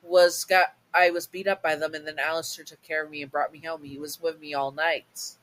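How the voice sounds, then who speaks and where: A woman's voice: sits low, flat delivery, a little fast, fairly bright tone. A woman voicing a sweet young woman in a fan audio story, earnest and a little hesitant. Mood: worried.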